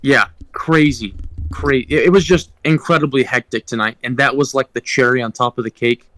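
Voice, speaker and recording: A man's voice: mid-range voice, normal speed, fairly bright tone, dry recording, rough recording. A young man co-hosting a podcast, telling a work story casually, rambling with ums and restarts. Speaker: podcast co-host.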